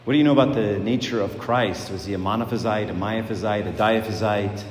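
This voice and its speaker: A disbelieving angel fires off questions one after another, low and steady, as a preacher puts him on. The sound carries a long hall echo with faint noise behind it. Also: male voice, brisk, natural voice. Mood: incredulous. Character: incredulous male angel quizzing a newcomer.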